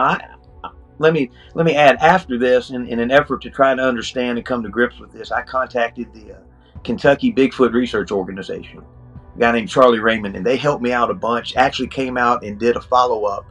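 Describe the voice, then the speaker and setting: A middle-aged man as an interview guest, earnestly telling a story in a halting, casual way with many restarts. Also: mid-range voice, fairly bright tone.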